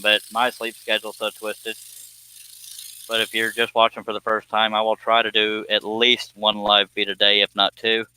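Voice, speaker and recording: A man's voice: fairly low pitch, flat delivery, normal speed, sharp tone, a little hiss or hum. A man with a Southern US accent chatting casually to viewers on a phone live stream, rambling and self-deprecating with frequent chuckles.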